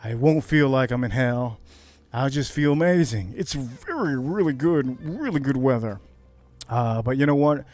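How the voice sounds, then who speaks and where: A man from Miami hosting a casual whiskey livestream, brash and hyped, jumping to high shouts on catchphrases. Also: lively intonation, moderate pace, faint music behind. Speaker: livestream host reviewing whiskey.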